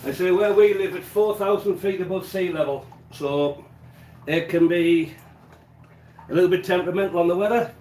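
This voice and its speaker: A man's voice: sits high, moderate pace, a little mellow, echoey room, a little hiss or hum. A man with an English accent, hosting a live cooking stream, chatting and answering viewers, with a stuffy nose and an occasional cough. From England. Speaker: cooking livestream host. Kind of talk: casual live-stream chat while baking. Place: small home kitchen.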